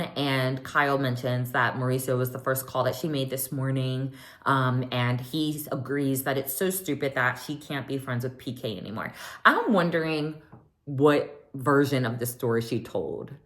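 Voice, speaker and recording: A woman hosting a casual, gossipy recap of a reality show, with many ums and likes, getting animated when she quotes the cast. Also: extremely low pitch. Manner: gossipy, animated when quoting others, lots of um and like.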